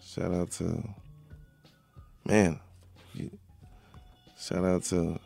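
A middle-aged man, a rapper guest, talking in a laid-back, halting way with many fillers in a casual interview. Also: low-pitched, monotone, gravelly, warm tone, soft background music.

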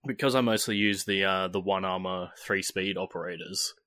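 A man's voice: deep voice, steady tone, normal speed, sharp tone, no echo. A man co-hosting a casual gaming podcast, often stammering, restarting and swearing casually. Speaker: podcast co-host.

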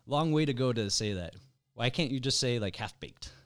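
A man's voice: medium pitch, animated, moderate pace. A young man hosting a casual podcast, telling self-mocking jokes and stories. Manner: joking, self-mocking storyteller. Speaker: podcast host.

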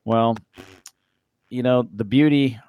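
A man's voice: medium pitch, takes it slowly, clear, resonant tone, no echo, phone-quality sound. Easygoing man hosting a podcast. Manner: easygoing, laughs often, steers the talk. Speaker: podcast host. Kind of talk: casual sports chat.

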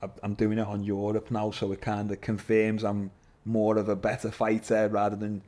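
Scouse guy in his 30s, slightly low voice, animated storyteller, keeps saying lad. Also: moderate pace. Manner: animated, swears, says "lad" constantly. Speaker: podcast guest, MMA fighter. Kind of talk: casual storytelling interview.

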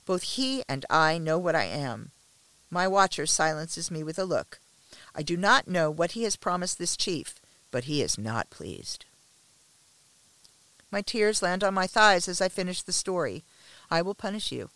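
A woman reading a first-person story aloud with a measured, restrained delivery and tense pauses. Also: on the low side, a bit bright, no echo.

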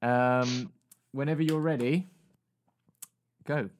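A man casually hosting a party game, laughing often and tossing quick asides. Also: medium pitch, fairly even intonation. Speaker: game host.

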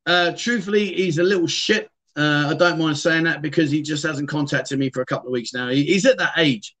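Answering viewer comments, a middle-aged man hosts a casual live-stream chat, rambling as he goes. He talks a little fast in a somewhat bright voice that sits on the high side.

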